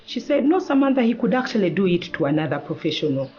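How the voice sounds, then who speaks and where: Animated woman retelling conversations. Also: lowish voice, quick pace, muffled recording. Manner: animated, acts out quoted dialogue. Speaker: interview guest, lawyer. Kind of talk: personal storytelling in an interview.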